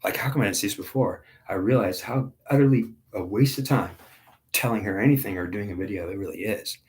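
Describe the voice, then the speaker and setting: Man, 50s, low voice, spiritual reader, intense and repetitive with halting restarts. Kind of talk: spiritual monologue.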